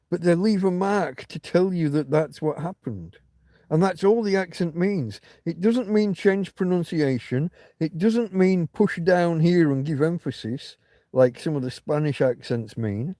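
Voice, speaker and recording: A man's voice: a little high, dark tone, dry recording, clean studio sound. A middle-aged man hosting a livestream, talking in a loose, rambling way, often breaking off and restarting, with casual swearing. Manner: chatty, self-interrupting, swears casually. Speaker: livestream host.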